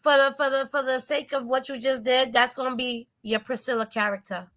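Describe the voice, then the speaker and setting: A woman co-hosting a casual gossip chat, chatty and quick to chime in. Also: high voice, fairly even intonation, a bit bright. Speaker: podcast co-host.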